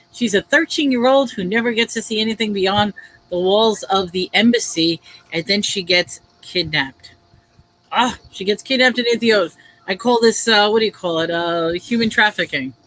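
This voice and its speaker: A woman's voice: medium pitch, a bit bright, rough recording. A woman hosting a casual live-stream book sale, chatty, reading back-cover blurbs aloud with drama and laughing often.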